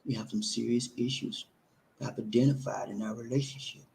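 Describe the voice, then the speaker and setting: A man voicing a calm, hurt wife who pleads quietly with her husband to sit down and talk, in a live stream role-play. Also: mid-range voice, brisk, gravelly, slight background noise, close to an everyday voice, rough recording. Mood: pleading.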